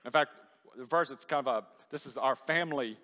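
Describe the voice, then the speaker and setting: Man, pastor, conversational sermon, bright voice, reverberant church hall. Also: medium pitch, a little fast. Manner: conversational, asks the congregation questions.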